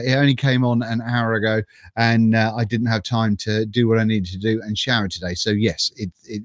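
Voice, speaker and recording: A man's voice: mid-range voice, dry recording, clean studio sound. A middle-aged man hosting a casual live stream from home on a webcam, chatty and self-mocking, greeting viewers by name and laughing often.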